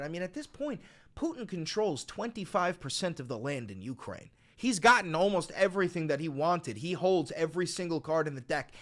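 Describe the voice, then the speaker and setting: Man, political commentary host, profane rant, sarcastic, shouty outbursts, very animated pitch. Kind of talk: ranting commentary reading a statement aloud. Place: New York.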